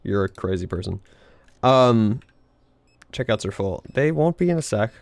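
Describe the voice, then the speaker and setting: Gravelly and on the low side, this man's voice is expressive and moves at normal speed with no echo. He streams a game while chatting in a rambling, casual way, with plenty of laughter and free swearing.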